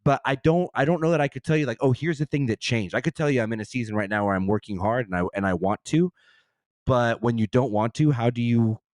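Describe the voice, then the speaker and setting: A man's voice: medium pitch, fast, darkish tone, dry recording, clean studio sound. A man in his thirties, a podcast co-host, talking reflectively in casual chat, searching for words. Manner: reflective, searching, full of "like" and trailing questions.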